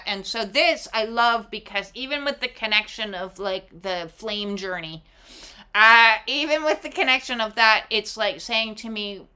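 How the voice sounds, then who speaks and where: Woman doing a chill oracle card read, slow, bright voice, kinda high, swears casually. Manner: reflective, expressive, with casual swearing. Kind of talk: casual spiritual card reading.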